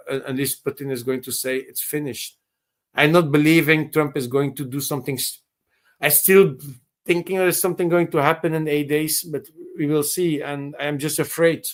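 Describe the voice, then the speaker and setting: A man with a fairly high voice speaks on a live call-in show over a video call. His speech is halting, with many restarts and repeated words. He swears bluntly for emphasis while he sets out his opinions. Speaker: caller on a live open-mic show. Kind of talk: casual spoken opinion on current events.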